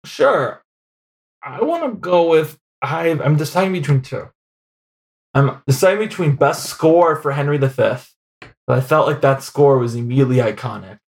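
A man with a fairly high voice co-hosts a casual movie podcast. He talks in an animated, chatty way and often breaks into laughter. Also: moderate pace, vocal fry. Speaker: podcast co-host. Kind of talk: casual film podcast chat.

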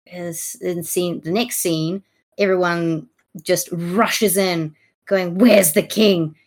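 A woman co-hosting a casual podcast, chatty and giggly, with frequent fillers, sometimes reading verse aloud. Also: on the low side. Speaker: podcast co-host. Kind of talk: casual book-club discussion with dramatic readings.

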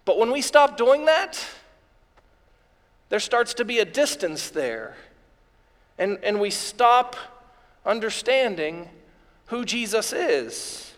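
A man preaching a live sermon to a congregation, enthusiastic and excitable. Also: high-pitched, slow, long pauses. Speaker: pastor. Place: church sanctuary before a congregation. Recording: long reverb of a large hall.

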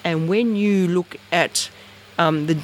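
An Australian researcher telling a story in casual, rambling talk, acting out conversations with big jumps in pitch. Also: takes it slowly, a little hiss or hum. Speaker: interviewee, researcher.

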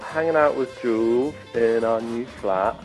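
Young man, slow, hesitant, filler-laden, faint music in background. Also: mid-range voice, low-quality recording. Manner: hesitant, filler-heavy, laughing. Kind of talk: short phone answers, casual.

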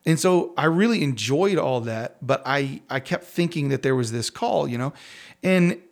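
A man, a pastor, telling a personal story in a casual interview, talking in halting bursts with many restarts and self-deprecating chuckles. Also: medium pitch, animated, creaky.

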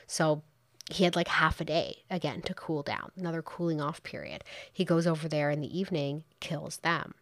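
A woman casually retelling a true crime case, animated and exclaiming, briefly putting on voices for the people involved. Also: sits low, normal speed, no echo.

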